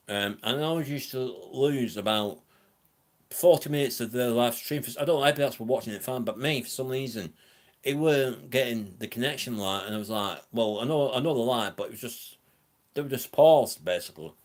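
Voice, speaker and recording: Man, northern Lancashire accent, live stream host, casual rambling chat, lots of ums, middle pitch. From England. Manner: rambling, chatty, many ums, reads out chat comments.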